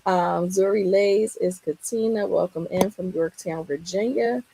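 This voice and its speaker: A woman hosting a casual livestream, her voice strained and raspy, greeting viewers by name in an upbeat, chatty way. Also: fairly low pitch, measured pace, warm tone, slight background noise, low-quality recording. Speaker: livestream host and Canva teacher.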